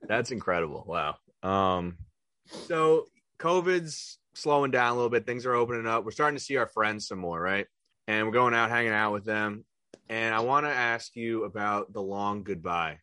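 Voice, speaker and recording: A man co-hosting a podcast in casual comedic chat, easygoing and quick to laugh, steering the topics. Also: on the low side, pushed and bright, no room sound. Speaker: podcast co-host.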